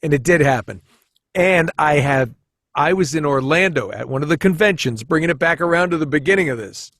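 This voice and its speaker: A man chatting as a podcast guest, telling stories in an animated, rambling way with many restarts, often jumping into quoted voices. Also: on the high side, a little fast, dry recording, clean studio sound. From United States. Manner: animated storyteller who jumps into quoted voices. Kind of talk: casual storytelling chat.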